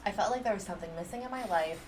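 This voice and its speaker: A woman co-hosting a casual chat podcast from her apartment, telling stories in an animated way, acting out quotes and laughing often. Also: mid-range voice, rapid-fire, noisy background. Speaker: podcast co-host.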